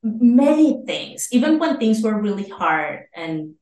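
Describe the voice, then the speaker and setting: A woman's voice: medium pitch, big pitch swings, a little mellow. Venezuelan woman telling a story, roomy sound. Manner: acts out quoted voices, fast bursts. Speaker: guest. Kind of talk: animated storytelling. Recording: roomy, distant from the mic.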